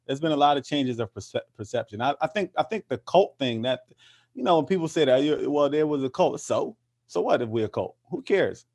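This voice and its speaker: A man's voice: mid-range voice, big pitch swings, fairly quick, darkish tone. A man being interviewed, talking with passion and emphasis, often repeating words as he builds a point. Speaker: interview guest, activist. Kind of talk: casual interview conversation.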